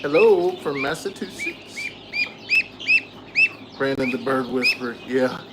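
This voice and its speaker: Easygoing farm vlogger. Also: male voice, medium pitch, slow. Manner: easygoing, soothes animals softly. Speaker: farm channel host. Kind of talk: casual farm vlog, talking to viewers. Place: outdoors on a farm with birds. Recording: echoey with loud outdoor noise.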